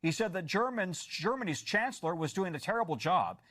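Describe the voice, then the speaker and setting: A man anchoring a news broadcast, reading in a crisp, measured way before handing to a reporter. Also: high-pitched, animated, fairly bright tone.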